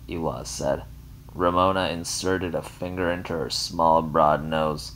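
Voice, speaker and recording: Man reading a short story aloud, deep voice, slow and measured. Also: steady tone, fairly bright tone, a little hiss or hum. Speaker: narrator.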